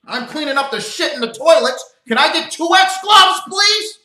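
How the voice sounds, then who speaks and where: Man voicing a high, nasal-free whiner, stammering complaints, roomy echo. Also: lively intonation, moderate pace, sharp tone, distant mic, heavily acted. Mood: whiny. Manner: whining, stammering. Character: whiny complaining man asking for gloves.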